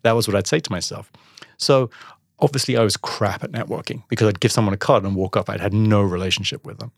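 Man, fast talker, lowish voice, animated storyteller, dry close sound. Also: gravelly, slightly rough, no echo. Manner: animated storyteller acting out dialogue. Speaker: podcast guest, entrepreneur. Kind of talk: casual storytelling interview.

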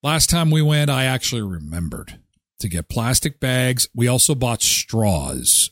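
Animated husky-voiced middle-aged man. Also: mid-range voice, measured pace, no echo, clean studio sound. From Canada. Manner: animated, joking, sarcastic asides. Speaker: live show host. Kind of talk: casual chat reading viewer comments.

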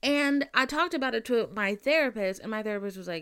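A young woman with a slightly high voice hosts a podcast and tells her story as a casual, heated rant. She swears freely and acts out what others said to her, switching into their lines as she goes. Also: fairly quick, few pauses, clear, resonant tone. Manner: blunt, profane, animated retelling with mimicked quotes. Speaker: podcast host.

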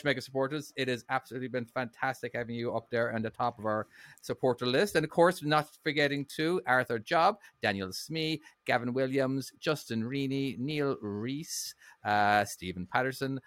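An Irish man co-hosting a podcast in casual banter, his voice bright and forward. His pitch rises and falls a lot as he rambles and laughs through a list of supporters' names. The sound is dry and close. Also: dry recording. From Ireland. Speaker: podcast co-host.

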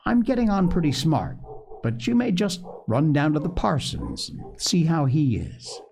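A man doing a fussing, gentle storybook mother. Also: a little high, sing-song, normal speed, vocal fry, pitched above the performer's own voice. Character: busy, worried mother sewing at home.

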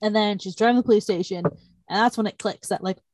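A woman's voice: mid-range voice, fast, darkish tone, no room sound. Young woman, casual plot recap, rambly and filler-heavy, dry close sound. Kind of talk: casual chat.

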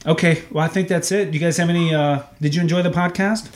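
A man's voice: a little high, fairly even intonation, fast talker, a little hiss or hum. A man in his thirties hosting a casual family podcast from a home sunroom, playful and teasing with his kids. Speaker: podcast host and father.

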